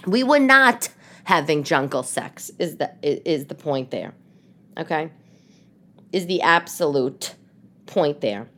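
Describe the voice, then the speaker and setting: Animated New York woman hosting a podcast. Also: low voice, slow, long pauses. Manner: animated, expressive storytelling. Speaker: podcast host. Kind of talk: casual chat. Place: living room.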